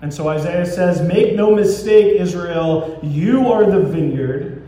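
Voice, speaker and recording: A man's voice: high-pitched, slow, dark tone. A man preaching a sermon as pastor, telling stories and acting out voices of God and the people. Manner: storytelling, acting out dialogue between God and people. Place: church. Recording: echoey church sanctuary with faint ambient noise.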